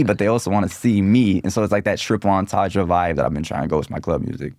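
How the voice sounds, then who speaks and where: A young man from Minneapolis, a rapper guest on a podcast, talking in a relaxed, rambling way full of "like" and slang. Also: low-pitched, fast, no echo, clean studio sound. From Minneapolis, USA. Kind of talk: casual podcast interview.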